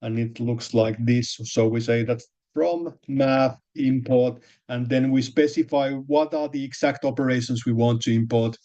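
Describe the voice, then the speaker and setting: A male programming teacher who talks through his code haltingly, stopping to restart and fill pauses as he explains each step. His voice is mellow and unhurried. It comes through a somewhat dull, lo-fi recording. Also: medium pitch, fairly even intonation. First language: Finnish. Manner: hesitant, many restarts and fillers, explains step by step. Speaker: programming lecturer.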